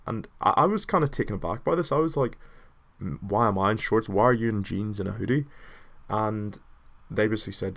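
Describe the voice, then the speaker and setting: Rambling young man. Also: fairly low pitch. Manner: rambling and self-deprecating, many filler "like"s. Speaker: storyteller. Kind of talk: casual anecdotal storytelling.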